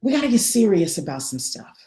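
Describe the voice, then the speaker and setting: A middle-aged woman giving an animated live coaching talk, greeting viewers by name. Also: mid-range voice, fairly quick, reverberant. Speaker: life coach.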